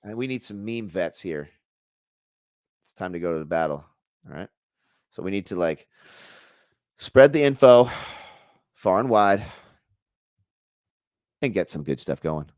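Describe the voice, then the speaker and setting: A man being interviewed as a guest researcher in a casual chat. He talks in an animated, jokey way, trailing off and restarting his sentences. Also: low-pitched, a little slow, long pauses, no room sound, clean studio sound.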